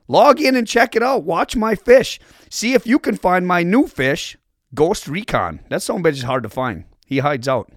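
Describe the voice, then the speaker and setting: Man, podcast host, loud, crude, jokey, slightly high voice. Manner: loud, profane, rambling and jokey. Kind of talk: casual podcast chat.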